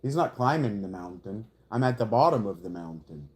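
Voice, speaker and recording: A man's voice: on the low side, expressive, a little fast, a little mellow. A man casually reacting to a song, musing aloud as he picks apart its lyrics, with the odd swear.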